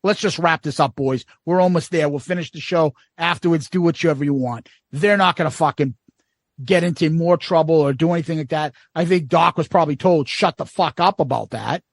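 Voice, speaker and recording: Man, podcast co-host, blunt, profane, rambling, fairly high voice, dry sound. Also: brisk, dry recording. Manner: blunt, swears freely, rambling. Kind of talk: casual chat.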